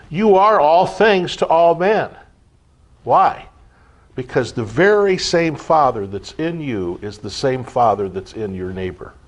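A middle-aged man giving an informal spiritual teaching, earnest and repetitive, often checking in with his listeners. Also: medium pitch. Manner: earnest, repetitive, frequent "okay?" check-ins. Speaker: spiritual group leader.

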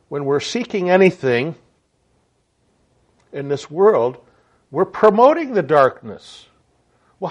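A man giving a reflective spoken sermon message in an earnest way, with frequent stammered restarts. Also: on the high side. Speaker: preacher.

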